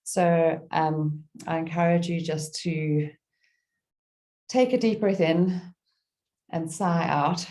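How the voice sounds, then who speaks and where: A middle-aged woman leading a guided meditation and reading a poem aloud, speaking slowly and soothingly with gentle pauses. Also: sits low.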